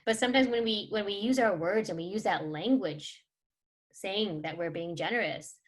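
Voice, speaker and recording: A woman leads a parenting workshop in a relaxed, conversational voice. She fills her talk with ums and little laughs and slips into acted-out everyday scenes to make her points. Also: mid-range voice, normal speed. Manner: chatty, many fillers, laughs and acts out scenes. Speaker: workshop presenter.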